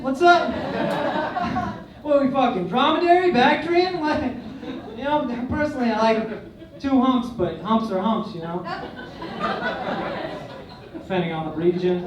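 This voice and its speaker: A young male comedian telling crude, swaggering stories in a stand-up set, swinging between loud and quiet. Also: high voice, a little slow, long pauses, crowd noise. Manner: crude, swaggering storytelling with big swings in loudness. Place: comedy club stage. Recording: echoey club recording from far off. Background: audience laughter.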